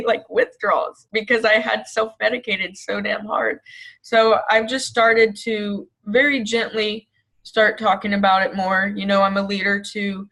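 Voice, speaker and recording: A woman's voice: mid-range voice, a bit bright, rough recording. A woman, an agency founder, speaking candidly in an interview, telling stories frankly with casual swearing. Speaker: guest, staffing agency founder.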